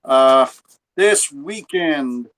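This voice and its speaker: A man's voice: medium pitch, expressive, extremely slow, fairly bright tone. A man hosting a podcast in casual chat, rambling and swearing freely, recorded on a phone. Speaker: podcast host.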